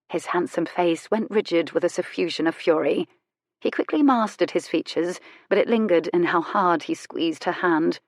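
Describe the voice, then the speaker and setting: Low-voiced woman narrating a novel. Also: dry recording, studio quality. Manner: measured, even storytelling; sharp-tongued heroine lines. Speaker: audiobook narrator. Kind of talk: scripted narration.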